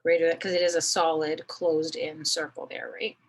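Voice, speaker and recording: A woman's voice: low-pitched, little pitch movement, normal speed, poor audio. A woman teaching a math lesson, thinking aloud as she draws a graph, with many fillers. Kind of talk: recorded screen lesson.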